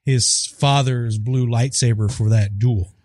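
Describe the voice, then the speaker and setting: A man's voice: medium pitch, steady tone, measured pace, a little mellow, dry recording. A man chatting casually about a film, speaking thoughtfully with frequent hesitations and restarts. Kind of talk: casual chat.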